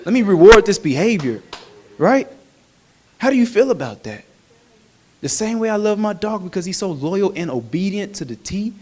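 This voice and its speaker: A male minister preaching a sermon in an animated, humorous, conversational way. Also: high-pitched, moderate pace, long pauses.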